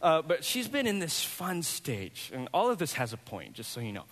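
A man in his thirties, a pastor, preaching a sermon and telling a personal story with lively, acted-out dialogue. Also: a little high, moderate pace, in a large hall. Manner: animated storyteller, acts out voices in quoted dialogue.

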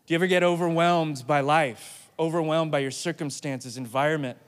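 Male pastor, high voice, lively and jokey sermon delivery. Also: fairly quick, smooth. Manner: playful, animated, acts out quotes.

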